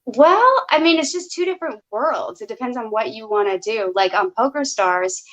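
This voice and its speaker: A woman guest in a casual interview, relaxed and hesitant with a lot of fillers. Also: a little high, normal speed, muffled recording. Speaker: guest poker player.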